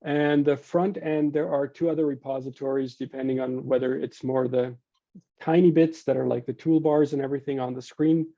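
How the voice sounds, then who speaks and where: A man explaining software architecture in a casual video call, thinking aloud and restarting phrases as he goes. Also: medium pitch, steady tone, normal speed, no room sound, dull audio. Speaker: software project developer.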